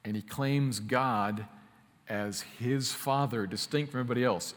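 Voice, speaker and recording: A man preaching a sermon, emphatic, slowing down to stress key phrases and speeding through quick asides. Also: mid-range voice, in a large hall. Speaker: pastor.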